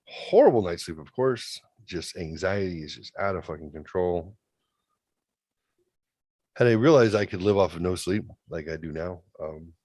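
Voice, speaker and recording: A man in his thirties telling a story in a casual, profane, animated way, swinging between loud outbursts and quiet asides. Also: sits low, husky, dry recording. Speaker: podcast host.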